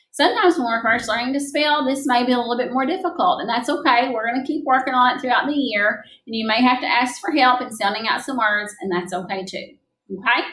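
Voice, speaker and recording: A young adult woman teaching a recorded lesson to young children, gentle and encouraging, speaking slowly and clearly. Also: fairly high pitch. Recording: echoey room.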